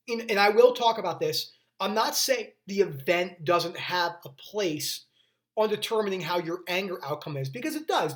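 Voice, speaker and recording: A man's voice: high-pitched, fairly bright tone. A young man hosting a mental health video, talking earnestly in a casual, rambling way, often restarting his sentences and going off on tangents. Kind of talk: casual talking-head explainer.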